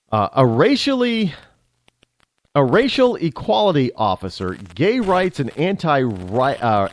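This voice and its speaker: A man's voice: on the high side, slight background noise. A man hosting a talk show, delivering a rambling casual monologue with lots of restarts and repetition. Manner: animated, rambling, repeats himself and spells out names.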